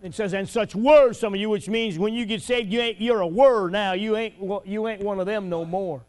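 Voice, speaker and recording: A man's voice: sits high, steady tone, moderate pace. A man preaching a fervent, folksy revival sermon in a church. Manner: fervent, folksy, rising to shouts.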